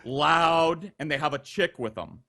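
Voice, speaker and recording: Brief: man, slightly high voice, casual profane storyteller on a video call. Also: a little slow. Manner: profane, animated, acts out voices. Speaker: storyteller guest.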